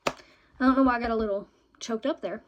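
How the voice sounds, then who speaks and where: A young woman vlogging in a chatty, excitable way about her favorite shows and books, often ending points with "okay?". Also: on the high side, fast, background noise.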